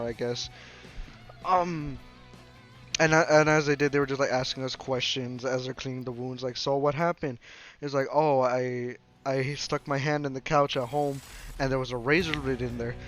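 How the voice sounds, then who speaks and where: Young male storyteller, mid-range voice, loose rambling delivery over background music. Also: mid-range voice. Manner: rambling, full of fillers and restarts. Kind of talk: casual story time.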